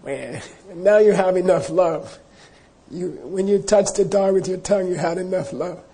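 A man's voice: high-pitched, normal speed, warm tone, breathy edge, pitched above the performer's own voice, rough recording. A man voicing a patient male divine teacher who lectures in a raised voice. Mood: scolding.

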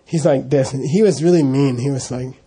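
A middle-aged man recalls monastery life in a casual anecdote, laughing often and acting out the dialogue. His voice is medium-pitched, mellow and husky, and his pace is brisk.

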